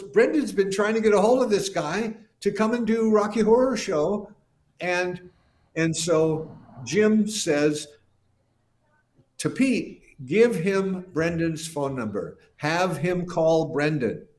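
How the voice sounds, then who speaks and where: A man's voice: a little high, animated, slow pace, a little mellow. Older man, casual storytelling, rambling, acts out quotes. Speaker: guest musician.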